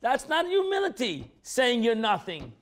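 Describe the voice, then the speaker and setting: High-pitched, animated rabbi teaching a class. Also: male voice, unhurried. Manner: acts out quoted speech with pitch jumps, repeats phrases.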